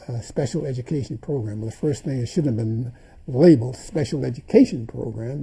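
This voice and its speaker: An older man tells stories from his past in an interview. His voice is very husky and gravelly, with a deep, mellow tone. He acts out the remembered dialogue as he goes. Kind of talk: reminiscing interview storytelling.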